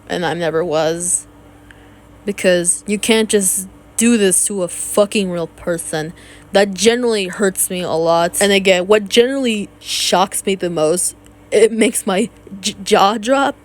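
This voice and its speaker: A woman giving an emotional commentary rant, tearful and close to crying, raw and heated, with stumbling restarts. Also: mid-range voice. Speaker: YouTube commentator.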